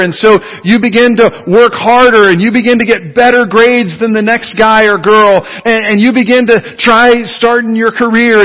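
Pastor preaching in a reverberant hall. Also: male voice, a little high, fairly bright tone. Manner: leads the congregation in call-and-response repetition. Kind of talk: sermon.

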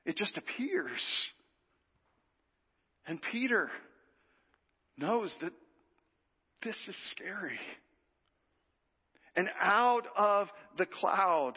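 A man preaching a sermon, drawing the congregation into call-and-response, with dramatic pauses and hushed drops on key words. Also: high-pitched, very animated, slightly rough. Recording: dull reverberant hall sound.

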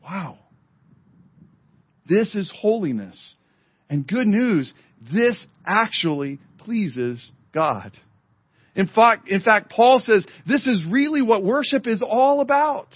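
A man preaching a sermon as pastor, speaking emphatically to the congregation and online viewers, slowing down and dropping to a murmur for effect. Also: high voice, expressive, slightly rough, no room sound. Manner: emphatic preaching with dramatic slowdowns and drops to a murmur. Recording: dull lo-fi sermon audio.

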